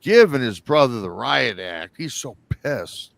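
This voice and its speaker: A man's voice: medium pitch, sing-song, measured pace, vocal fry, fairly bright tone, no room sound. A man hosting a live show, retelling a listener's story in a rambling, casual way and acting out the quoted lines. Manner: rambling, repeats himself, acts out quoted lines.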